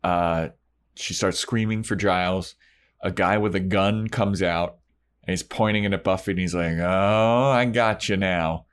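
A man's voice: deep voice, fairly even intonation, normal speed, clear, resonant tone. A man co-hosting a podcast, casually recapping a TV episode and acting out the characters' lines. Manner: laid-back, acts out lines from the episode. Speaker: podcast co-host.

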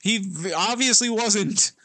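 A man's voice: sits high, slow pace, bright, forceful tone, dry recording. A male podcast co-host in casual chat, blunt and opinionated, saying 'like' often as he recaps a reality show.

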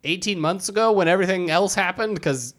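A man's voice: high-pitched, a little fast, a bit bright. A man co-hosting a podcast, casually recapping a game's story and acting out the characters' lines. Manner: retells the story animatedly, acting out quotes. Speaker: podcast co-host. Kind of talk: casual chat recapping a game.

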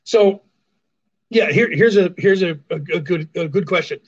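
A man's voice: sits high, measured pace, lo-fi sound. A man hosting a livestream, ranting in sarcastic casual commentary and repeating his points for emphasis. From California, US. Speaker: livestream show host. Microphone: phone.

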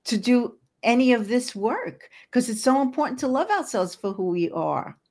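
Her voice is fairly high and somewhat dark in tone, lively, and moderately paced. She's a guest on a podcast, an energy healer and hypnotherapist, speaking earnestly and encouragingly in conversation while restarting often.

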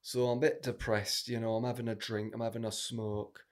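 Man doing a gloomy northern baker, middle-aged, low quiet mumble, weary sighs. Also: flat delivery, quick pace, close to an everyday voice.

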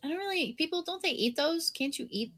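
She's a young woman chatting on a casual podcast, reading strange headlines aloud and laughing easily. Her voice is bright and a little high. The delivery is animated throughout. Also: fairly quick. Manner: giggly, animated. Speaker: podcast co-host.

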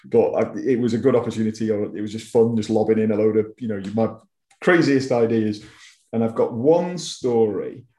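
Wigan-accented male author for a relaxed interview; mellow, chatty, self-mocking, recorded in an echoey room. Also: on the low side, normal speed. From Wigan, England. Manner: chatty, self-deprecating, frequent stammered restarts. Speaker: author guest. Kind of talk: casual interview chat.

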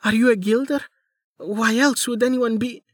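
A man's voice: fairly even intonation, moderate pace, no echo. A man doing a pleading young woman, feigning injury. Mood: desperate pleading. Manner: breathless, faltering, high-pitched pleading.

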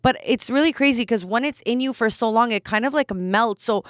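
A woman's voice: fairly high pitch, a little fast, no echo, clean studio sound. A young adult woman hosting a podcast, telling a personal story in a candid, chatty way full of fillers. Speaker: podcast host. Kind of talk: casual storytelling chat.

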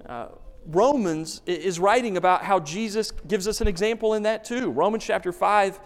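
A man's voice: high-pitched, normal speed. A man preaching a sermon as pastor, telling a story with emphasis and asking rhetorical questions. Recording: long reverb of a large hall.

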